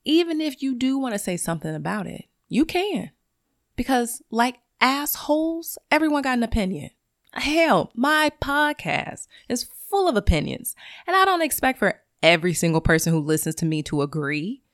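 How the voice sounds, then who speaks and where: A woman's voice: on the high side, big pitch swings, normal speed, no echo, studio quality. A woman who is a teacher and podcast host, talking in a solo monologue in a blunt, profane and emphatic way.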